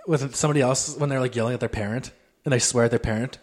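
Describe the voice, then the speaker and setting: A man's voice: mid-range voice, fairly even intonation, very fast. A man co-hosting a casual podcast, rambling in an easygoing way and swearing now and then. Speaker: podcast co-host. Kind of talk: casual chat.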